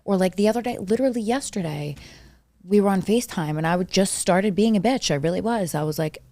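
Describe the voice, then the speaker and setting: A woman's voice: medium pitch, quick pace, dry recording, clean studio sound. A young woman co-hosting a podcast, telling stories in a casual chat with lots of "like" and acted-out quotes. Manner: animated storytelling, acts out quoted voices, many likes. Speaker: podcast co-host.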